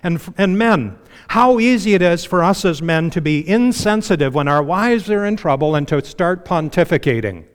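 A male pastor delivers a sermon in a conversational way, sprinkling in "you know" and slipping into a near-hush to stress a point. His voice sits a little high for a man. The sound carries a long reverb, like a big church hall. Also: lively intonation, moderate pace, smooth. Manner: conversational preaching with frequent you-knows, dropping to a hush for emphasis.

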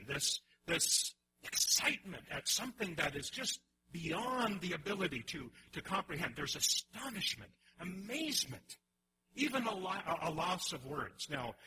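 A man preaching a sermon in an animated way, often restarting his phrases and acting out the voices he quotes. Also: on the high side, a little hiss or hum, poor audio. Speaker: pastor.

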